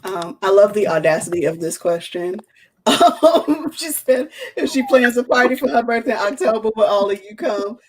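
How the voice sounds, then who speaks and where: A woman's voice: medium pitch, lively intonation, normal speed, rough recording. Playful woman host reading questions. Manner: playful, reads audience questions. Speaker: panel host. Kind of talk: casual panel chat.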